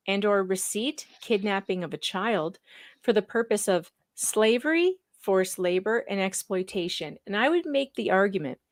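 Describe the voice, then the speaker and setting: A woman speaking as a guest on a livestream panel, impassioned and quick to raise her voice when upset. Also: on the high side. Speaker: guest commentator.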